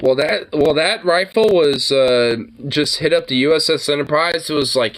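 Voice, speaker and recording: A man giving casual, animated reaction commentary on gun videos, swearing often and laughing at the clips. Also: on the high side, moderate pace, slight background noise.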